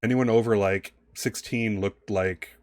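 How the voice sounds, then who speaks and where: A man narrating a tabletop game as game master, in a rambling, halting way with many restarts. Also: fairly low pitch, fairly even intonation, no room sound, studio quality.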